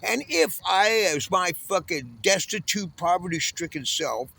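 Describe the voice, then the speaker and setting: A man in his sixties from Southern California rants at length, bitter and full of curses. His voice sits a little high for a man of his age, and he rails against everything in an uneven, angry flow. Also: big pitch swings, a little slow, vocal fry, sharp tone, breathy edge. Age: 60s. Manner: profane, bitter, railing. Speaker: homeless panhandler. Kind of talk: angry ranting monologue.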